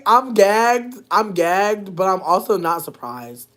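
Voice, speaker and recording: Animated streamer woman, loud laughing outbursts. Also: mid-range voice, slow pace, few pauses. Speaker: livestream host reacting to chat. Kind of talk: casual livestream chat.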